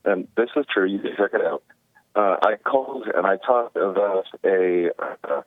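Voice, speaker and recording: A man's voice: low-pitched, moderate pace, no room sound. A man from California calling into a radio talk show, emotional and hesitant, stumbling through his points over a poor phone line. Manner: emotional, hesitant, full of fillers. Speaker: caller.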